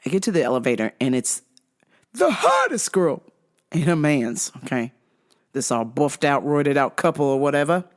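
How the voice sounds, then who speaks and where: Brief: woman host, casual storyteller, lively swooping delivery, low voice. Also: normal speed. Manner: animated, profane, laughing often.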